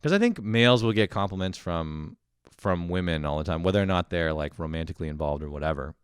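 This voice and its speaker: A man's voice: low voice, animated, quick pace, clear, resonant tone, no room sound, studio quality. A man hosting a casual comedic podcast, ranting with profanity and sarcasm. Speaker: podcast host.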